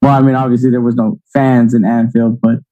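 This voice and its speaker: A man's voice: mid-range voice, flat delivery, brisk, warm tone, dull audio. A man co-hosting a sports podcast, rambling and teasing in casual chat. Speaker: podcast co-host.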